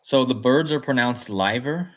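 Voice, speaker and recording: A man's voice: medium pitch, moderate pace, fairly bright tone. A man hosting a casual livestream, talking in a loose, rambling way. He muses aloud and reacts to viewers' comments as he goes, in an ordinary mid-range voice. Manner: rambling, musing aloud, reads chat comments. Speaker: livestream host.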